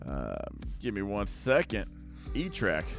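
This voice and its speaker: A young man chatting casually to viewers as he opens card packs, rambling along and now and then breaking into excited outbursts. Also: lowish voice, takes it slowly, gravelly, music in the background. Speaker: card-opening YouTuber. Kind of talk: casual pack-opening chat to viewers.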